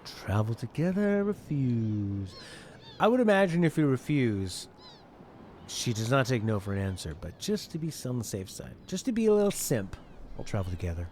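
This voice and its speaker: A man's voice: mid-range voice, sing-song, fairly quick, a little mellow, slight background noise. A man casually commenting while playing a game, joking and sarcastic, swearing freely. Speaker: let's play gamer.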